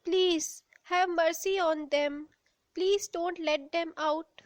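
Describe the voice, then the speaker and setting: A woman's voice: extremely high pitch, fairly even intonation, slow, no room sound. Woman voicing a tiny, sweet little girl. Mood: pleading. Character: little girl, gentle, pleading and devout.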